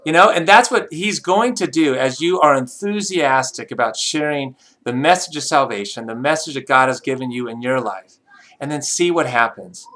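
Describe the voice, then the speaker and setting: Bright-voiced man telling a sermon story. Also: a little high. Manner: animated storyteller acting out quoted voices. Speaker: pastor.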